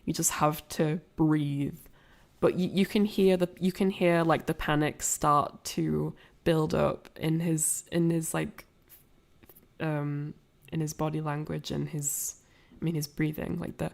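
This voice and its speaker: Rambling woman with a lowish voice. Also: flat delivery, measured pace, creaky, a little mellow. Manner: rambling, many fillers and restarts. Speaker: streamer analysing a film. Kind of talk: casual film commentary.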